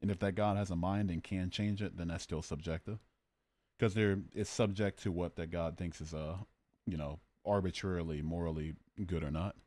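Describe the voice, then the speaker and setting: A man's voice: low-pitched, mellow. A man hosting a casual livestream, arguing about morality and joking as he reads out his chat. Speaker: livestream host.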